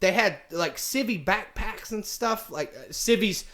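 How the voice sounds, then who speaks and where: A man's voice: sits high, animated, a little slow, sharp tone. Rambling man telling a story. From United States. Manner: rambling, many fillers and restarts. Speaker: vlogger. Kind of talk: casual storytelling.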